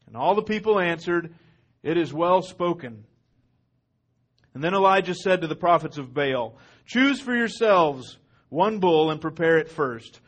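Man, pastor, high voice, expressive scripture reading, sermon. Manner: expressive dramatic reading, rising loud on quotes.

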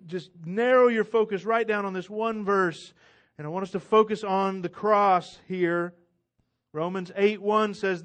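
A high-pitched male preacher delivering a sermon. He presses hard on his main points and then pulls back into soft, intimate appeals. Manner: swings from loud emphatic preaching to hushed intimate appeals. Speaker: pastor.

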